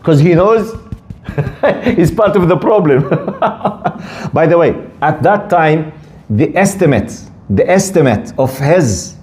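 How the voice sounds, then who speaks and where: A middle-aged man teaches a religious lesson in English, slipping in phrases as he tells stories. His voice sits a little high and swings widely in pitch as he animates each point. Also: unhurried, slight background noise. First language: Arabic. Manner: animated storyteller, mixes Arabic phrases into English. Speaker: Islamic scholar giving a tafsir lesson.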